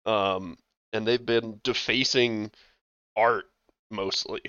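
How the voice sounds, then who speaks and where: A man's voice: on the low side, steady tone, slow pace, sharp tone, clean tone, no room sound, lo-fi sound. A man co-hosting a casual podcast, rambling with lots of fillers, laughing and swearing as he goes. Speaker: podcast co-host.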